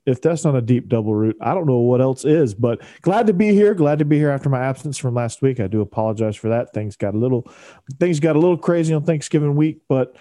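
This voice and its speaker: A man co-hosts a sports podcast with a playful, jokey manner. His voice is mellow and relaxed. It sounds dry and close. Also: medium pitch, fast talker, dry recording. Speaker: podcast co-host. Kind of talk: casual sports podcast chat.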